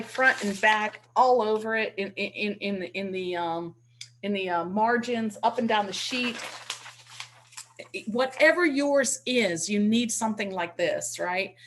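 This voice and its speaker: A woman's voice: mid-range voice, a bit bright. A woman teaching real estate investing in an online webinar, speaking through a computer mic in a chatty way and repeating words as she restarts. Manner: demonstrates with call scripts.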